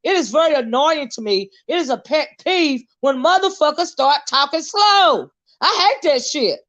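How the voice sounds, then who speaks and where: A woman hosting a YouTube commentary show, ranting in a blunt, loud, heavily profane way. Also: sits high, lively intonation, moderate pace. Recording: dull lo-fi sound.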